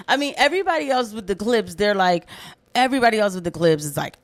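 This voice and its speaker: A woman's voice: mid-range voice, expressive, fast talker. A woman giving impassioned, emphatic commentary, often repeating herself for emphasis. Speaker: political commentator. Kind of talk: opinionated livestream commentary.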